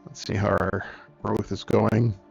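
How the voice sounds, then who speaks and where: A man with a deep, very gravelly voice talks through a survival game at an easy, unhurried pace, thinking out loud as he goes. His voice comes through a dull, lo-fi recording with faint game music under it. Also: level tone. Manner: unhurried, thinking aloud while playing. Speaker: gaming channel host. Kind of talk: let's-play commentary.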